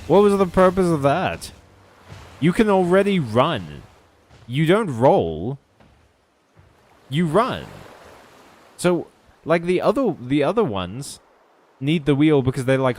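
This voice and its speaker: A man's voice: medium pitch, very animated, takes it slowly, long pauses, darkish tone. Wisecracking man narrating gameplay. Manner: riffing, sarcastic asides. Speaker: let's play host. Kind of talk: joking gameplay commentary.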